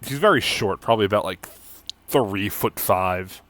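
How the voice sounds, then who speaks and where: A man running a tabletop game, describing scenes in an unhurried, halting way with fillers. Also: lowish voice, a bit bright, no echo. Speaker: game master.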